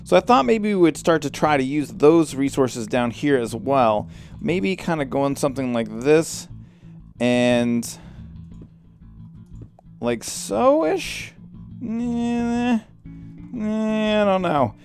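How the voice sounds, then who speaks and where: Excitable man with a lively, raised voice. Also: on the high side, faint music behind. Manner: chatty and excitable, quick to exclaim. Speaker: let's play host. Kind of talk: casual gameplay commentary.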